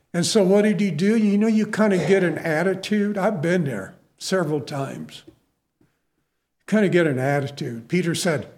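A man's voice: high-pitched, normal speed, darkish tone. A middle-aged man preaching a sermon in a conversational, self-deprecating way, full of asides to the listeners.

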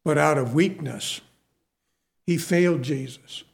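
A man's voice: a little high, measured pace, gravelly. A middle-aged man preaching a sermon in a conversational, self-deprecating way, full of asides to the listeners.

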